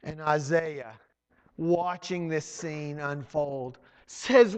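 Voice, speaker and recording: Preacher, man, middle-aged: slow, dramatic, drops to a hush then shouts; long church reverb. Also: very high-pitched, muffled recording. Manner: swings from hushed to shouted, dramatic emphasis. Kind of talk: sermon. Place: church hall.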